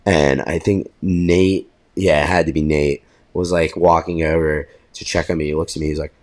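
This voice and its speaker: A young man co-hosting a podcast, telling a story in a casual, animated way, swearing freely and laughing at himself. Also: very deep voice, moderate pace. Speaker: podcast co-host.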